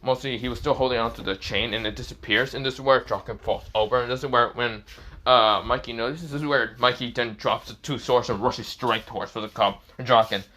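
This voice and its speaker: A man's voice: medium pitch, fairly even intonation, brisk, bright, forceful tone. A man improvising a fan story as narrator, rambling with many repeated filler phrases.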